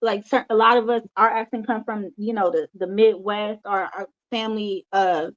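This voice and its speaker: A woman from California, a guest on a casual podcast, who talks hesitantly with fillers and soft laughs. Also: medium pitch, fairly even intonation, moderate pace, dull audio. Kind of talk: casual chat.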